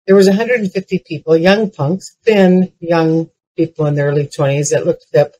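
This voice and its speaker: A woman's voice: low voice, normal speed, poor audio. An older woman giving a keynote talk, telling humorous personal stories that build to punchlines. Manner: lively, punchline-driven anecdotes with frequent restarts. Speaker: keynote speaker. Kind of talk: comedic storytelling keynote.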